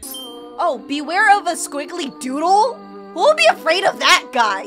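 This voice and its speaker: A young woman hosting a reaction video, reacting excitably to scary clips with shrieks and laughs. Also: high-pitched, measured pace. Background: music from the clips.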